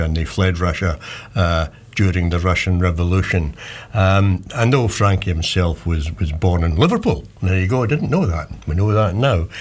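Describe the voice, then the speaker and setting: Older male radio host, deep voice, relaxed and chatty, trivia-loving. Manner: chatty trivia telling with fillers. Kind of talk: casual radio chat between songs.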